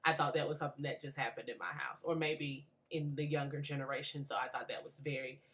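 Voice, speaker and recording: A woman's voice: very deep voice, steady tone, quick pace, fairly bright tone. A woman in her late twenties giving an earnest, thoughtful spoken reflection on a book for a class, with frequent restarts. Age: late 20s. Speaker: graduate student.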